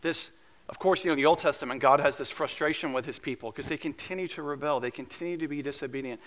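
A man serving as pastor, preaching a conversational, earnest sermon that at times drops to a hush. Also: fairly high pitch, fast talker. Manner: conversational and earnest, with soft hushed asides.

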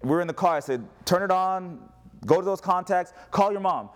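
A man in his thirties delivers a sermon from the pulpit. His voice sits high, and he moves easily between sports talk and personal stories. He acts out dialogue and laughs along the way. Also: normal speed. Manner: storytelling with laughs and quoted dialogue. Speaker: pastor.

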